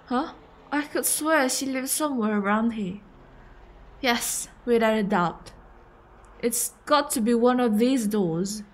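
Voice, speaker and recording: Emotive high-voiced woman streamer. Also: slow. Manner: emotive, reacting aloud. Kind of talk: let's play commentary.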